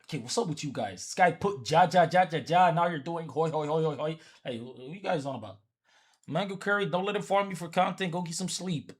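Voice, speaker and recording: A man's voice: a little high, a little fast, slightly rough. A man from Africa chatting casually on a livestream, teasing people and repeating himself as he talks back to his chat.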